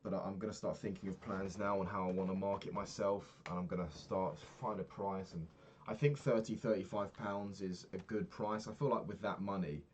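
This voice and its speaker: A man's voice: low voice, fairly even intonation, fairly quick, a little hiss or hum. A young man from the UK talking through his week in a rambling, casual diary vlog, swearing often and losing his thread. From United Kingdom. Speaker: vlogger.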